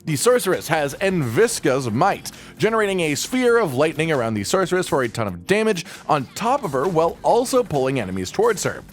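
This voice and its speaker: Lively man narrating a game guide. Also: fairly high pitch, fairly quick, few pauses. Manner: casual and jokey, with swearing asides.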